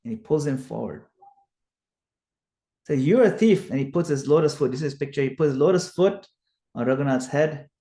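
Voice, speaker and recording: A man's voice: medium pitch, a little fast, pauses often. Man retelling scripture in an echoey room. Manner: animated retelling, acts out quoted lines loudly. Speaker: scripture study teacher. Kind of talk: storytelling scripture class.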